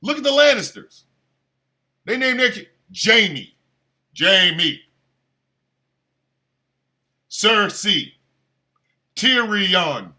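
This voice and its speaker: A man hosting a show, delivering a crude comedic rant with exaggerated, animated bursts of shouting. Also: sits high, very slow, pauses often. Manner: crude, playful. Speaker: show host.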